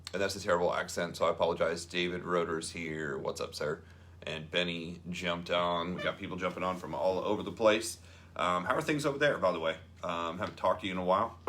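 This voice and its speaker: Deep-voiced man hosting a casual book chat. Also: pushed and bright, a little hiss or hum. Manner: loose and chatty, many ums, reads passages aloud. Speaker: show host. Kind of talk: casual book discussion on a live stream.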